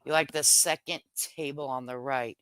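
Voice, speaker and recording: A woman's voice: extremely low pitch, fairly even intonation, normal speed, a bit bright, smooth, dry recording. A middle-aged woman hosting a casual livestream, reading viewer comments in a brash, joking way, swearing lightly and laughing often. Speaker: livestream host.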